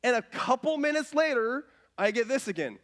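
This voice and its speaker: A man in his thirties preaching a casual, self-mocking sermon with stories, dropping to a soft voice when quoting others. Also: very high-pitched, normal speed. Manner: animated, self-mocking, drops to soft voice for quotes. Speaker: pastor. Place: church stage.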